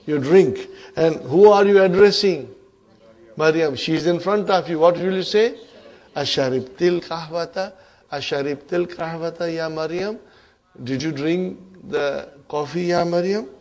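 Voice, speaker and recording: Questioning male Arabic teacher, higher voice. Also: measured pace, a little mellow, muffled recording. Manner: quizzes students, frequent checks like "huh?" and "okay?"; addresses class as brothers and sisters. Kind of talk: classroom grammar lesson. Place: classroom with students.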